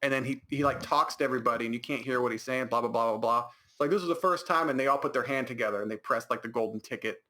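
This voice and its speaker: American guy rambling on a podcast, bright tone, lots of um and like. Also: mid-range voice. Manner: rambling, halting, lots of fillers and restarts. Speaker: podcast co-host. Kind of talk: casual chat.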